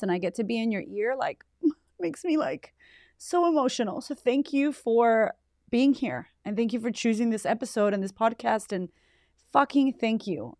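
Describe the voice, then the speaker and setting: A woman podcast host talks straight into the mic, teary and on the edge of crying. Her voice sits at an ordinary middle pitch, with a dry, close sound and no room echo. She gushes and swears freely through a casual, heartfelt monologue. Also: darkish tone. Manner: emotional, swears freely, gushing.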